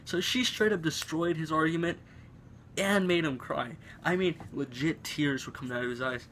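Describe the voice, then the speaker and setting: A man's voice: on the high side, normal speed, fairly bright tone, a little hiss or hum. A teenage boy telling a school story to camera in a casual, rambling way, with lots of fillers and restarts. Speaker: vlogger. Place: room at home.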